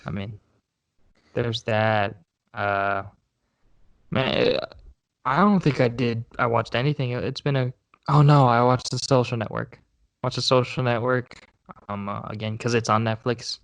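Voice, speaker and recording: A man's voice: medium pitch, measured pace, long pauses, no echo. A young man co-hosting a podcast, chatting casually and rambling with restarts. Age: young adult. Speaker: co-host.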